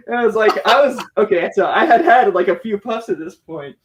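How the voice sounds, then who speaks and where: American guy with a pretty high voice, telling a story on a podcast, laughing a lot, swearing, lots of "like". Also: fairly quick, a little hiss or hum. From United States. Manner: animated, laughs often, heavy on fillers and swearing. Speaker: podcast guest. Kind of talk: casual storytelling.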